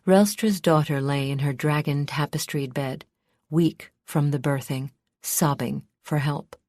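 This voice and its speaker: In a low-pitched voice, a woman narrates a fantasy audiobook from a script, keeping her storytelling measured and steady. The recording is dry and of studio quality.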